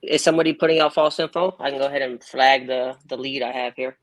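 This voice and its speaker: A man's voice: mid-range voice, fairly even intonation, fast talker, rough recording. A man from Texas making live sales calls, upbeat and slangy with a joking manner. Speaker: caller.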